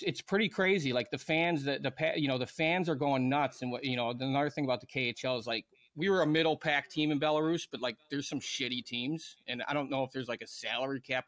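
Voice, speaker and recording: On a podcast, a former pro hockey player in his thirties laughs often and uses lots of fillers as he tells a meandering, casual story. He speaks in a mid-range voice that sounds a bit bright.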